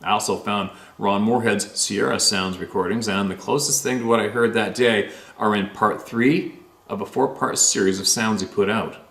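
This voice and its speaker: A man's voice: lowish voice, fairly even intonation, moderate pace, vocal fry, fairly bright tone, roomy sound. A man hosting a show, reading a listener's letter aloud and then rambling casually about it with many fillers. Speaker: host reading listener stories.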